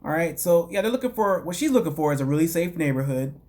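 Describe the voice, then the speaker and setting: A man's voice: a little high, expressive, fast, a little mellow. A man casually recapping a reality show as a podcast host, rambling with lots of fillers and wry, dismissive asides. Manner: rambling, loose, full of "you know" and "like".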